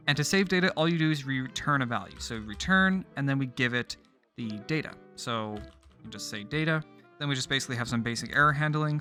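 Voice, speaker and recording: A man hosting a coding tutorial, calmly explaining his code step by step with casual fillers. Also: medium pitch. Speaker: tutorial host. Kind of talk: screen-recorded coding tutorial.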